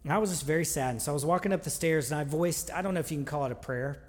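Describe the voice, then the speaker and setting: A man's voice: fairly high pitch, racing, a little mellow. A man preaching a sermon in a conversational, earnest way, with frequent restarts. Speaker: pastor. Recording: long reverb of a large hall.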